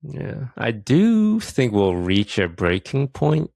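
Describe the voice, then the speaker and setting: A man co-hosting a podcast, explaining things in a relaxed, casual way with some fillers. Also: medium pitch, slow, gravelly, no room sound. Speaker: podcast co-host, streamer.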